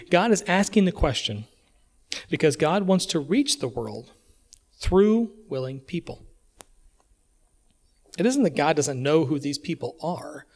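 A man with an American accent preaching a sermon in a church, talking conversationally and often checking in with his listeners. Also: medium pitch. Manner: conversational, checks in with frequent "okay?".

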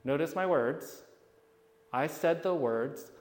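A man's voice: fairly high pitch, normal speed. Man telling stories in a reverberant hall. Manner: animated, acts out the people in his stories. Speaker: speaker addressing an audience. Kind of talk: storytelling talk to a live audience.

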